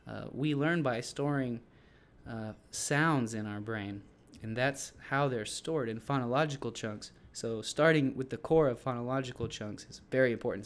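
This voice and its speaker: A man who teaches English, casually explaining his classroom activities to other teachers in a loose, rambling way with frequent restarts. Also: mid-range voice.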